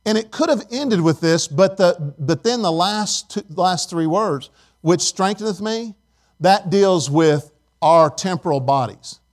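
A middle-aged man preaching a sermon, swinging between loud emphasis and soft, hushed asides. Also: high-pitched, lively intonation, a little slow. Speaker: pastor.

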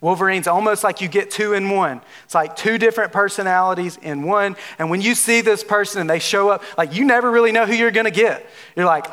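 A man's voice: sits high, brisk, hardly any pauses, sharp tone. A man pastor giving a casual, joking sermon, talking with the congregation. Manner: playful, conversational, jokes with the audience.

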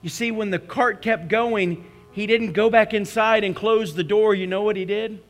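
A man preaching a communion sermon as a pastor, swinging between passionate cries and hushed prayer. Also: high-pitched, steady tone, moderate pace, faint music behind. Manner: impassioned storytelling, rising to cries then hushing to prayer.

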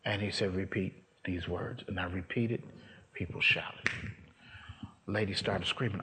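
A man's voice: sits low, fairly even intonation, measured pace, long pauses, slight background noise. A man preaching, telling a story from his own life and acting out the voices of the people in it. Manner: storytelling, acts out voices, rising to shouts. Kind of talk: sermon testimony.

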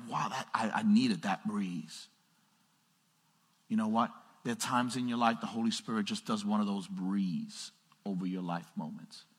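A man's voice: on the low side, a bit bright, breathy edge. A man pastor preaching a sermon in a church, throwing call-and-response questions at the congregation and building to emphatic peaks. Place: church sanctuary. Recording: long hall reverb.

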